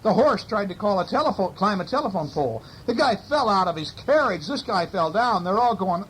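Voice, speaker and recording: A man's voice: sits high, expressive, fairly quick, few pauses, a bit bright, slight background noise, poor audio. Man reading a bedtime story aloud. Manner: casual, chatty asides to the listener. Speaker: parent reading to a child.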